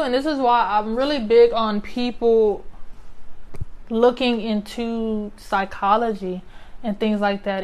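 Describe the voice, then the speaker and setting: A young adult woman talking casually and reflectively to her listeners, often ending a point with "right?". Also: on the high side. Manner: conversational, often adds "right?" as a tag. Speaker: speaker sharing personal reflections.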